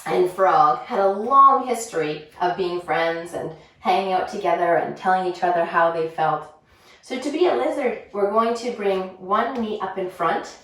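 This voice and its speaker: A woman guiding children through a yoga story, telling it in a playful, gently instructive way. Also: mid-range voice. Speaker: kids yoga teacher. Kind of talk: guided kids yoga story. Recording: echoey room, voice from a distance.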